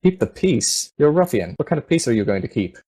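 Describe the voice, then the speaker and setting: A man's voice: lowish voice, expressive, moderate pace, darkish tone. A man voicing a scornful woman paladin in a tabletop game, speaking in a harsh, accusing way. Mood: suspicious.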